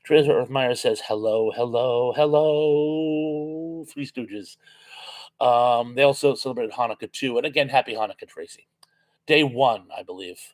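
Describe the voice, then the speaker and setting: Man hosting a live chat. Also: medium pitch. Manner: chatty, reads viewer comments aloud and answers them with quick asides. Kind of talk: reading out live chat comments.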